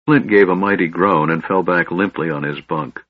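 A man reading a fantasy audiobook in a measured, solemn narration. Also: sits low, no room sound. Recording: slightly dull, dry recording.

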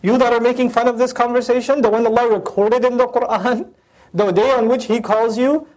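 A man teaching a Quran passage, reciting Arabic verses and translating them, animated as he acts out the voices in the text. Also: extremely high pitch, a little fast. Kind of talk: Quran lecture.

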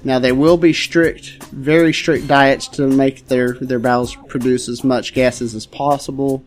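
Man, comedy podcast co-host, deadpan, crude absurd stories, mid-range voice. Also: medium pitch, measured pace, faint music behind.

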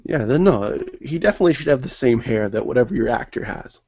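Gravelly mid-pitched dude keeping the movie chat rolling, lo-fi audio. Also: male voice, lively intonation, fast, darkish tone. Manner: laid-back, steers the show along. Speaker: podcast co-host. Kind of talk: casual movie review chat.

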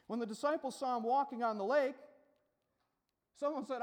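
Male pastor, very high voice, playful storytelling sermon, long hall reverb. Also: fairly quick. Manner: casual, joking storyteller who acts out the scene.

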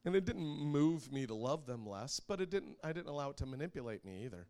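A man in his thirties preaching, telling family stories with lots of laughter and getting loud when he acts out scenes. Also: fairly high pitch, a little fast. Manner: animated storyteller who laughs often and gets loud when acting out scenes. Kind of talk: sermon with personal stories.

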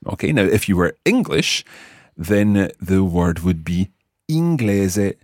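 A man's voice: low-pitched, big pitch swings, unhurried, no room sound, clean studio sound. A Scottish man teaching a podcast language lesson, patiently modelling words for learners. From Scotland.

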